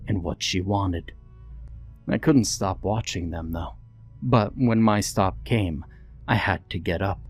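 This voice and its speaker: A man narrating a story in a reflective, steady storytelling manner. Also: on the low side. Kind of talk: scripted horror story narration. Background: faint background music.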